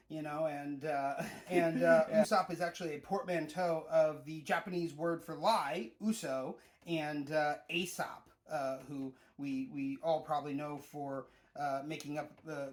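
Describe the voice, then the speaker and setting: A young man hosting a casual comics review, chatty and laughing often, with lots of stammering restarts. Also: fairly high pitch. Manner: chatty, frequent fillers and restarts, laughs a lot. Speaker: host, mock pastor of a fan channel. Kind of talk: casual manga review monologue.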